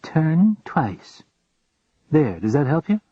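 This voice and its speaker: A man's voice: on the high side, sing-song, takes it slowly, breathy edge, no room sound, pitched above the performer's own voice, full character voice. A man doing a matter-of-fact young companion. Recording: dull lo-fi recording.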